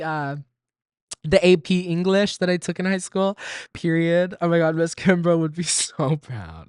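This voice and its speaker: A man's voice: a little high, measured pace, a little mellow, clean tone, no room sound, clean studio sound. A young man from Texas in his twenties hosting a solo podcast, chatty and self-deprecating, breaking into sudden squeals and laughs. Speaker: podcast host.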